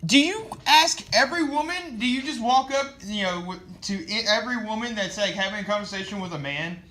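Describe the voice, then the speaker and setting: A man with a fairly high, bright, forceful voice talks through a comic issue in a loose, rambling way. His tone is sarcastic, and he swears freely. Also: animated, a little fast. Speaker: comic book reviewer. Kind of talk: casual spoken review.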